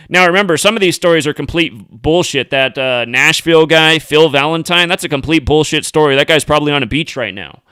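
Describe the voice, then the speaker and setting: Brief: American man hosting a profane, combative rant vlog; high, sharp voice, smooth and dry. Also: no echo. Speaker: host. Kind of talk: ranting video commentary.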